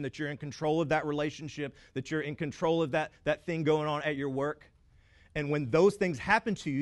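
A pastor delivers a sermon in a high, ringing voice. He piles up repetition for emphasis, pauses for effect and drops wry asides to the congregation.

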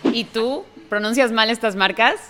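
A woman's voice: a little high, moderate pace, pushed and bright. A playful woman from the United States hosts a casual video. She sounds curious and giggly as she chats and asks questions at a conference. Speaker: video host. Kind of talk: casual chat. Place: busy conference venue.

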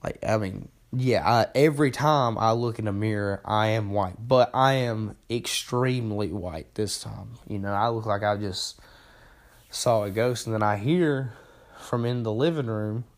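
A man's voice: lowish voice, a little slow. A young man hosting a podcast, telling a story in a casual, profane, self-mocking way that rambles along. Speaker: podcast host.

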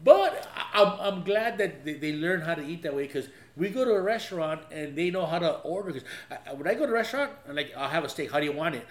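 A man's voice: a little high, lively intonation, fast talker, hardly any pauses. A man telling profane stories in a casual chat, laughing often. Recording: echoey room with faint hum.

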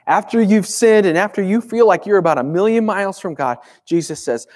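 A man's voice: sits high, expressive, fairly quick, few pauses, darkish tone. A man preaching a sermon as pastor, speaking conversationally and emphatically with rhetorical questions.

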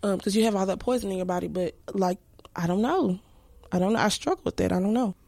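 A woman's voice: medium pitch, fast, gravelly, dark tone, no room sound. A woman in her thirties speaking candidly and reflectively as a podcast guest, full of restarts and filler words. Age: 30s.

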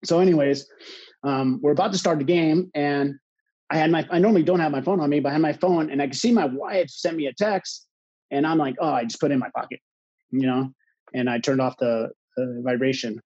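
A man's voice: a little high, lo-fi sound. A man in his thirties, a college sports coach, telling a personal story to a live audience with many fillers and restarts. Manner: halting, many fillers and restarts, grows animated. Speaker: college water polo coach.

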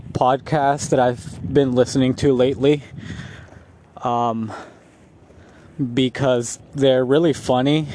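A man vlogging while walking outside, rambling and laughing often, a bit high. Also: a little hiss or hum. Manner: rambling, laughs often, slow relaxed talk. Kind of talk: casual walking vlog. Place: outdoors on a street.

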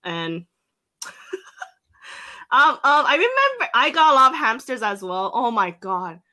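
A young woman telling a casual story on a podcast, filling pauses with "like" and acting out her own past lines. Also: on the high side, big pitch swings, sharp tone. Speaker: podcast co-host.

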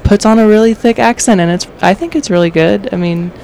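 A woman guest in a casual movie chat, relaxed, laughing easily and using many fillers. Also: medium pitch, a little fast, creaky, slight background noise, low-quality recording.

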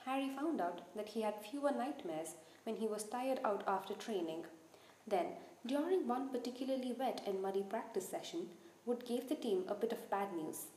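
A woman reading a children's novel aloud as narrator with clear, even storytelling. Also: fairly high pitch, echoey room, low-quality recording. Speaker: audiobook narrator. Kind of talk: scripted narration.

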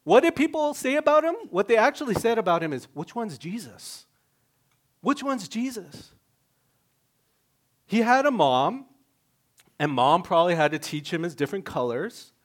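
A man preaching a sermon in a lively, conversational way, with self-mocking humor, sudden loud rises and soft drops. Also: sits high, fairly quick. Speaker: pastor.

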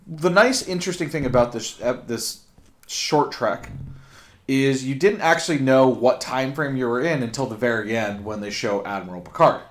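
A man's voice: mid-range voice, normal speed. Blunt opinionated man chatting. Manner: blunt, opinionated, swears casually. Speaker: podcast co-host. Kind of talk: casual chat.

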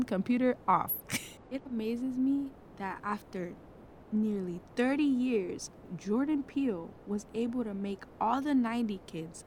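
A woman's voice: medium pitch, a little hiss or hum. A teenage girl hosting a casual solo podcast, reviewing a film in a chatty, dramatic way and acting playfully spooked. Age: late teens.

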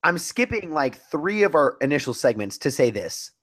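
Pria muda yang suka menggoda, nada hidup. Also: male voice, a little high, big pitch swings, moderate pace, a bit bright. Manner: teasing, mock-serious. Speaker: podcast co-host. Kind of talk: casual chat.

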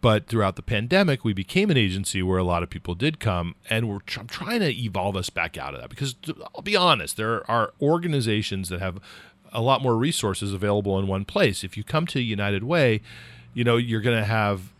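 A man's voice: fairly low pitch, big pitch swings, brisk, a bit bright, no echo. A man hosting a local radio talk show, chatty and joking, interviewing a guest in the studio.

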